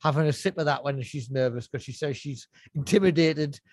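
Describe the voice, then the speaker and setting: A man's voice: a little high, brisk, a little mellow. A man co-hosting a podcast, casually recapping scenes and laughing often. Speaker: podcast co-host. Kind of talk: casual chat.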